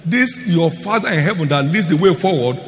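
A man giving a sermon as pastor, emphatic, repeating key phrases and swinging between loud declarations and hushed lines. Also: a little high, lively intonation, a little fast. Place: large church hall. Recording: long hall reverb, faint noise.

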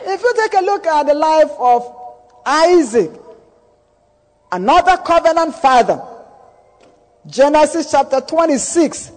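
A man preaching in a very high voice with a lively, swooping melody. He speaks slowly and deliberately, repeating key phrases for emphasis and declaring blessings over his listeners. A long church-hall reverb trails his words. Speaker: pastor. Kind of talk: sermon.

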